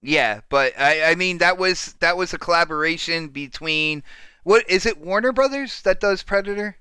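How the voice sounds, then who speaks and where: Bright, crisp-voiced excitable male host. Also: sits high, normal speed, no echo. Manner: excitable, teasing, calls people dude and man. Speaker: podcast host. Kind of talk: casual panel chat.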